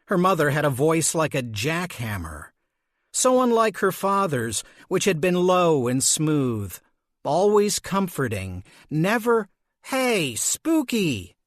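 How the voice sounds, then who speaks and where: Slow, measured male audiobook narrator. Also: fairly high pitch, big pitch swings, dry recording, studio quality. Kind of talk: scripted narration.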